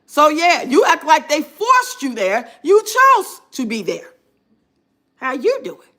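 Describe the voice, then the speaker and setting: A woman's voice: high-pitched, huge pitch swings, slow, pushed and bright. A woman giving blunt, sarcastic reaction commentary on a clip. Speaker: commentary streamer.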